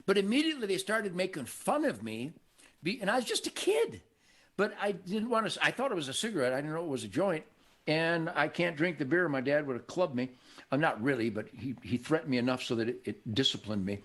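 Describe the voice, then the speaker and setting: Cocky, husky older man telling stories. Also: fairly high pitch, a little fast. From Michigan, USA. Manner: cocky, animated, acts out quoted voices. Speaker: show host. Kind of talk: casual storytelling conversation.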